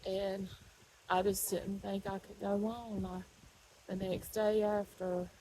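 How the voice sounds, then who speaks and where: A middle-aged woman giving an earnest, halting personal faith testimony. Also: mid-range voice, flat delivery, noisy background. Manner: earnest, halting, pauses with fillers.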